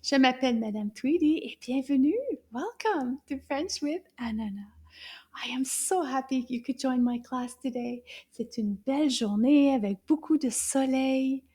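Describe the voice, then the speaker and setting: A woman's voice: sits high, normal speed, warm tone, breathy edge. A woman teaching a children's lesson in a cheerful, sing-song teacher voice.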